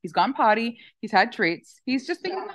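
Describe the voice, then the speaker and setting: A middle-aged woman chatting in an interview, telling animated stories with lots of fillers. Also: on the high side, moderate pace, no room sound. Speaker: dog owner guest. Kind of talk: casual interview chat.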